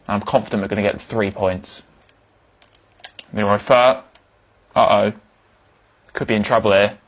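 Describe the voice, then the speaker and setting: A young man giving excitable commentary over a football video game, yelling when goals go in. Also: lowish voice, moderate pace. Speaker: gaming YouTuber.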